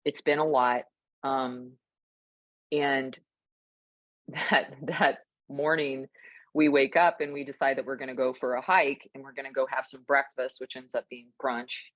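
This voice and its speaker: A woman co-hosting a podcast, telling a story in a relaxed, reflective way with frequent fillers. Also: rumbling low, unhurried, no echo, muffled recording. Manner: thoughtful storytelling, many fillers. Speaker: podcast co-host. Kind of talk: casual reflective chat.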